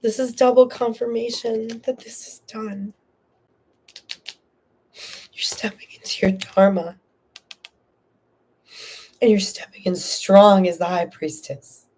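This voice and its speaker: Her mid-range voice has a darkish, slightly rough quality. As host of a live tarot reading, she addresses a viewer with earnest emotion, offering comfort and reassurance.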